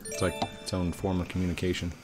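Lowish-voiced man in playful banter. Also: monotone, quick pace, over loud music. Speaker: gaming channel host. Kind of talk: casual chat with his son while gaming. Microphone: desk microphone.

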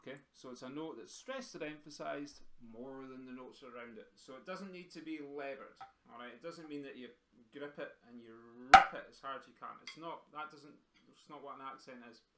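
A man's voice: mid-range voice, normal speed, very noisy. A man teaching a live drumming lesson over a video call, chatty and encouraging as he counts in and explains the exercises. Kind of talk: live-streamed music lesson. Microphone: computer mic on a video call. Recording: roomy echo with faint drumming.

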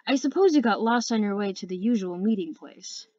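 A woman's voice: medium pitch, animated, brisk, warm tone, dry recording, lightly acted. A sly, menacing male sea dragon with a dry, mocking way of speaking, as a woman puts him on. The voice sounds muffled and close, recorded dry. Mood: sarcastic. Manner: dry, sarcastic.

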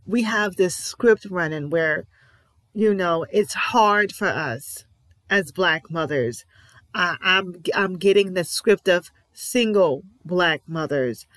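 Her voice is lowish and a bit bright, and she speaks slowly while reacting to a TV episode for her vlog. Emotional and emphatic, she earnestly repeats affirmations with feeling, captured with no room sound.

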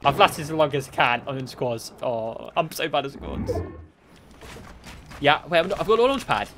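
Excitable gamer man. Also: fairly high pitch, moderate pace, background noise. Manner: excitable, addresses viewers as guys constantly. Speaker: gaming streamer. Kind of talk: casual gameplay commentary.

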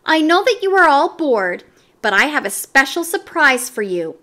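A woman's voice: sits high, big pitch swings, moderate pace, sharp tone, pitched above the performer's own voice, heavily acted. A woman doing a prim schoolteacher addressing her class. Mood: instructive.

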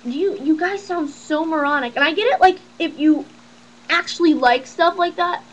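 A woman's voice: very high voice, normal speed, rough recording. A teenage girl ranting casually to camera in a sarcastic, exasperated, rambling way. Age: teens. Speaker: vlogger.

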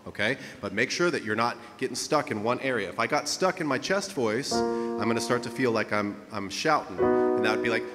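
A man's voice: mid-range voice, lively intonation, fairly quick, over loud music. Vocal coach man in a reverberant room. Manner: encouraging, coaching with frequent "okay?" checks. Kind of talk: singing lesson with vocal exercises.

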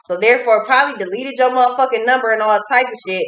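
A fairly high-pitched woman doing a casual tarot reading, blunt and profane, hammering points home by repeating herself. The room gives her voice a clear echo. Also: rapid-fire, a bit bright. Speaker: tarot reader. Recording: echoey room.

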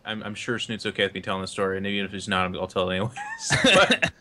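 Bright, fast-talking male storyteller. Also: on the low side, slight background noise. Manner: lively storyteller, many restarts. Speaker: esports caster. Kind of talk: animated anecdote on a panel.

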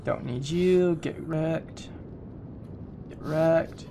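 Man, gaming commentary, chatty, jokey, a bit high-pitched, noisy background. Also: steady tone, extremely slow, gravelly, warm tone. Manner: chatty, jokey, talks to himself while playing. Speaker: gaming YouTuber. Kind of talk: casual let's-play commentary.

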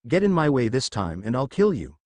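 A man's voice: mid-range voice, very animated, brisk, a little mellow, no echo. A man voicing a hot-headed male superhero leader with an angry, commanding delivery. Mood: enraged.

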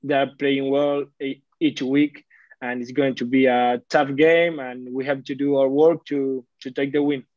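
A young man from Argentina with an Argentine Spanish accent, answering questions in careful, halting English and repeating words as he searches for them. His delivery is slow and flat. The audio is dull and lo-fi, with a dry sound. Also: mid-range voice, no echo. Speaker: rugby player, guest. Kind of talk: interview answers.

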